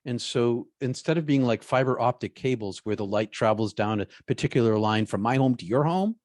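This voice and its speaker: A man, a guest in an interview, telling a personal story in a halting way, often repeating his words. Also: mid-range voice, a little mellow, no echo, studio quality.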